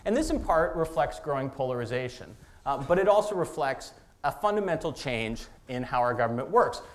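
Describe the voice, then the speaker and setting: Halting man giving a lecture. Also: medium pitch, lively intonation. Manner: halting, with many restarts and fillers. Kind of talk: public lecture on policy.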